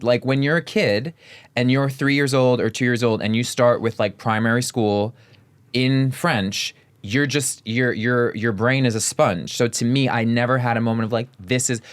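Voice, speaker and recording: A man as a podcast guest in casual chat, animated and emphatic, with "like" in nearly every phrase. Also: mid-range voice. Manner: chatty storytelling, fills nearly every phrase with "like".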